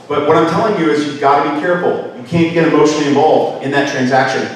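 Recorded from a distance in an echoey hall, a man leads a live workshop and keeps asking his audience questions. His pitch is fairly high, and there's a slight hiss or hum.

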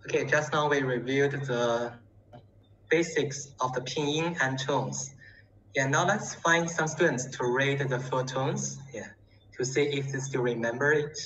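A teacher leading a live online class who keeps filling pauses with "yeah", heard through distant, dull call audio. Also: mid-range voice, fairly bright tone, echoey room, a little hiss or hum. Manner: fills with frequent "yeah".

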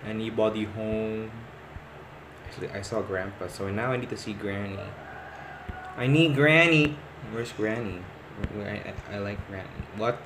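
A man talking to himself as he plays a horror game, excitable, repeating words and calling out what he finds. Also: on the low side, normal speed, noisy background. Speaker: gamer. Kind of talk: let's play commentary.

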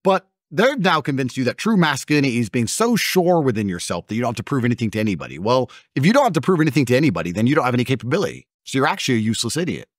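A man's voice: medium pitch, very animated, racing, few pauses, no room sound, studio quality. A man in his thirties speaking as an interview guest, blunt and emphatic, mocking and acting out other people's voices. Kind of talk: combative conversational interview.

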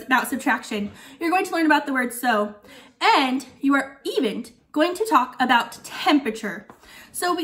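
A woman's voice: sits high, a bit bright, heavily acted. A woman voicing a forgetful old lady who teaches young children, chatting while chewing candy. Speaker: guest teacher for a kindergarten class. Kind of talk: playful video lesson for young children.

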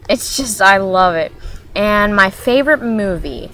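A woman's voice: medium pitch, lively intonation, a little slow, fairly bright tone. A woman from Maryland chatting casually in a vlog, talking in a hyper, rambling way that jumps from topic to topic. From Maryland, USA. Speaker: vlogger.

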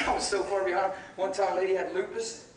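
A man preaching a sermon and telling stories, animated, laughing, and shouting at the peaks. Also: high-pitched, slight background noise. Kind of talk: sermon with storytelling. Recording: echoey hall from far off with crowd.

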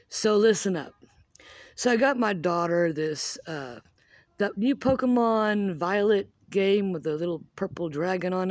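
A woman's voice: lowish voice, a little mellow, no echo. A woman in her fifties ranting casually at home, rambling, swearing freely and poking fun at herself. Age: 50s. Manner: rambling, profane, self-mocking. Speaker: vlogger. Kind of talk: casual rant.

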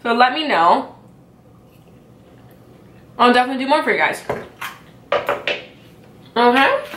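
A woman's voice: high voice, animated, a little slow, fairly bright tone, slight background noise. A young woman vlogging a casual mukbang, ranting in a chatty, exasperated way full of fillers while eating and chewing at her table at home. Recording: echoey room.

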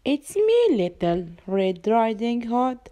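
A timid little storybook girl, read by a woman, asks wondering questions at her grandmother's bedside. The voice sits fairly high and mellow, and she stays slow and careful. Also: big pitch swings. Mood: innocent.

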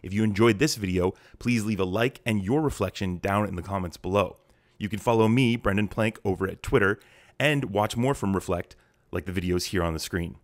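A man delivers scripted political commentary with a sarcastic, mocking edge. His voice sits on the low side. The sound is dry and close, with no room around it. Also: a little fast, dry recording.

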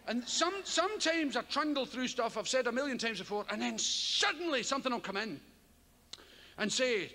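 A man's voice: extremely high pitch, lively intonation, moderate pace, sharp tone. An older man with a Scottish accent doing rambling, profane stand-up comedy on a theatre stage, often laughing as he talks. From Scotland. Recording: live theatre, long reverb, audience noise.

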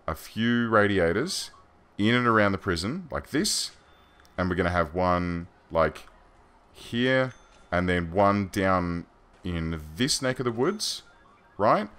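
A man's voice: on the low side, a bit bright. An Australian man giving chatty, rambling gameplay commentary as a let's play host, self-deprecating and loose.

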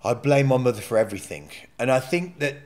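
A man's voice: mid-range voice, lively intonation, fast. A man speaking as a podcast guest, telling a personal story in a candid, blunt and emotional way, with frequent swearing and rambling asides.

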